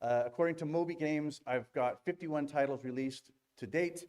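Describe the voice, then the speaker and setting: A man giving a quick, candid industry talk on stage at a games event, with joking asides. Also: fairly high pitch, a little mellow. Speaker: conference speaker. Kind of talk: fast-paced industry talk.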